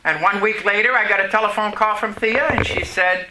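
A man's voice: high-pitched, brisk, pushed and bright. A man preaching a testimony to a congregation, telling a story and asking the audience questions. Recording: echoey room, faint noise.

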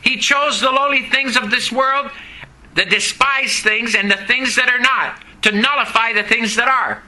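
Very high, bright-voiced preaching man. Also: steady tone, measured pace, rough recording. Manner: emphatic, questions the congregation, rises to shouting. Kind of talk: sermon. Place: church service.

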